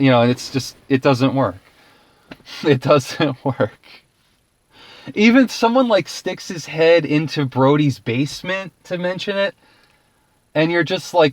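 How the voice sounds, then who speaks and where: A man's voice: a little high, slow pace, no room sound. A man giving a casual, ranting film review, exasperated and profane, laughing often.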